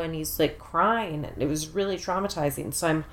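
A woman's voice: sits low, moderate pace, echoey room, a little hiss or hum. A woman co-hosting a podcast, telling a story in a playful, joking way. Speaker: podcast co-host. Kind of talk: casual chat.

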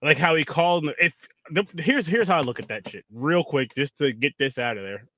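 A man's voice: on the high side, a little fast, pushed and bright, dry recording. A man in casual, profane conversation about a film, rambling and restarting his sentences. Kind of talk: casual movie review chat.

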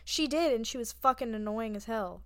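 A young woman with a bright, sharp, fairly high voice, recorded dry and close. She chats bluntly as a podcast co-host and swears freely. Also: fairly quick, no echo. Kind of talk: casual chat. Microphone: remote call mic.

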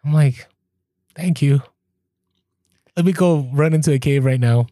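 A man's voice: a little high, unhurried, no room sound, studio quality. A man co-hosting a podcast, chatting casually and telling stories, acting out the exchanges he quotes. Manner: animated storyteller, acts out quoted exchanges. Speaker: podcast co-host. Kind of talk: casual chat.

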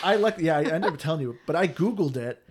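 A man's voice: on the high side, lively intonation, fast. A man hosting a casual chat, talking in a chatty, complaining way. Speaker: podcast host.

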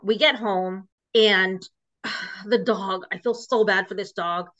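A woman in her thirties tells her own story with emotion, looping back with "like" and "you know" and restarting her sentences. Her voice sits at a middling pitch. It comes through on a muffled, lo-fi recording. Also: steady tone, takes it slowly, fairly bright tone. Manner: emotional, filler-heavy retelling with many restarts. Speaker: podcast guest. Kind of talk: personal storytelling.

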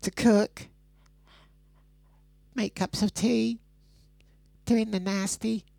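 A man doing a squeaky prim woman. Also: flat delivery, extremely slow, darkish tone, dry recording, full character voice. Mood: mocking. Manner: high, breathy falsetto mimicry. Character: woman colleague, prim and squeaky, denying she wears glasses. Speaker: radio presenter.

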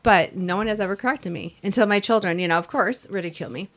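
A middle-aged woman talks casually as a co-host, rambling and restarting her thoughts. Her pitch sits in an ordinary middle range for a woman. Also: fast talker. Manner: chatty, rambling with many restarts. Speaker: podcast co-host. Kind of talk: casual chat.

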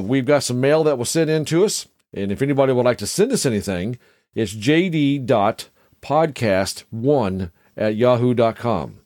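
A man's voice: medium pitch, a little mellow, dry recording, clean studio sound. A middle-aged man hosting a casual podcast, telling stories in a rambling, chatty way with asides to the listener. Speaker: podcast host.

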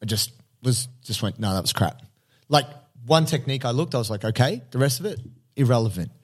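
A man's voice: medium pitch, expressive, a little fast, slightly rough. A man in casual podcast chat, blunt and slangy, swearing freely.

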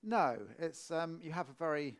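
A man's voice: on the high side, lively intonation, moderate pace, a crowd in the background. A man interviewing a guest in a casual, joking manner. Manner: joking, laughs along.

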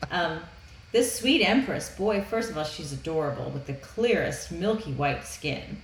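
A woman's voice: low-pitched, animated, unhurried. Chatty woman in an echoey room. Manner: chatty, leans on "like", acts out scenes. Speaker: podcast co-host. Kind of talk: casual movie recap chat.

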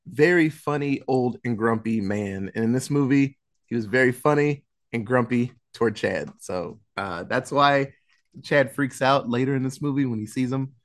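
A man's voice: mid-range voice, moderate pace. A man on a podcast casually recapping a horror movie plot, rambling with lots of fillers and restarts. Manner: casual, chuckles while recapping. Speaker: podcast co-host.

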